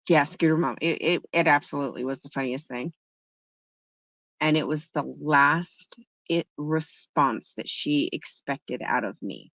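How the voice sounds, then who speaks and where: A woman's voice: sits low, measured pace, a bit bright, no echo. A woman hosting a live stream, chatting with viewers and telling a story in a casual, talkative way. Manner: chatty storytelling, answering chat. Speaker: livestream host. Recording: dull lo-fi, dry sound.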